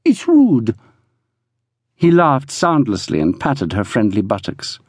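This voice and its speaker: Guy reading a novel out loud, measured and descriptive, lots of ups and downs. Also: on the low side, sing-song, dry recording, clean studio sound. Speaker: audiobook narrator. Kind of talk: scripted narration. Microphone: close studio mic.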